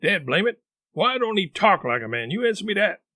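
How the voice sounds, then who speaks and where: A man's voice: high voice, very animated, fairly quick, pushed and bright, dry recording, pitched above the performer's own voice, heavily acted. A man doing a stubborn folksy raftsman. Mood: indignant. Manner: rustic dialect, insistent arguing.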